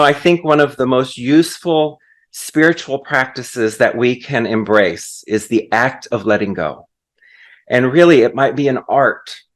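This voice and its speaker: Man, guest minister, sermon, storytelling, mid-pitched voice.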